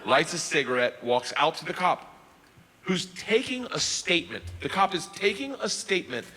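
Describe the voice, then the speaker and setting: A man telling a long stand-up story, animated, breaking into loud bursts when he quotes himself, recorded on a comedy stage. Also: on the high side, moderate pace, in a large hall, rough recording.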